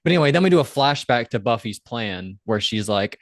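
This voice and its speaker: A man in a casual podcast chat, blunt and quick to swear, jumping into playful voices when quoting scenes. His voice sits in a middle register, heard close and dry with no room sound. He recaps with loose, offhand energy. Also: medium pitch, expressive, no echo. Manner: blunt, swears freely, acts out quotes in jumpy voices. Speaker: podcast co-host.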